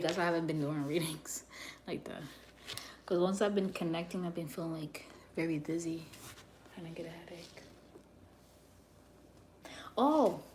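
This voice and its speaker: A woman's voice: fairly low pitch, darkish tone, slight background noise. A woman chatting casually on a livestream as a psychic reader, laughing often and sometimes dropping to near whispers. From New York.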